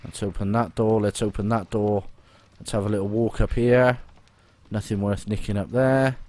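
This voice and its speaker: A man's voice: lowish voice, steady tone, moderate pace, a little mellow. Chatty man playing a game. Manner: chatty, reads game dialogue aloud in a light playful tone. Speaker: let's play host. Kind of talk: casual gameplay commentary.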